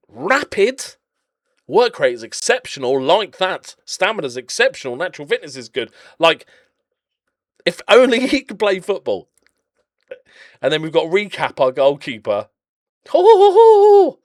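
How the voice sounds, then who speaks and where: A man with a slightly raised pitch talks through a game in loose, chatty commentary. His voice swings widely between highs and lows as he jokes and goes off on blunt tangents. The sound is dry and close, with no room echo. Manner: chatty, rambling, jokey and blunt, prone to rants. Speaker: game channel host. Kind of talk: casual gameplay commentary.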